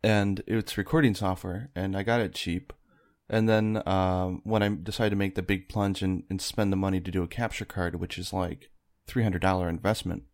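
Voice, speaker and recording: A soft-spoken man talks as a podcast guest in a low voice. He is modest and rambles along, often starting sentences over. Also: steady tone, moderate pace. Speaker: podcast guest, video creator. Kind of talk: casual podcast chat.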